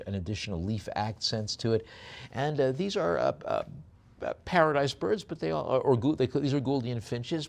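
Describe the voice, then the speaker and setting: A man working as an auctioneer, describing each lot in a relaxed, joking way, then chanting the bids quickly. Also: medium pitch. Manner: rapid bid chanting between chatty, joking descriptions. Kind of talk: live auction calling with item descriptions.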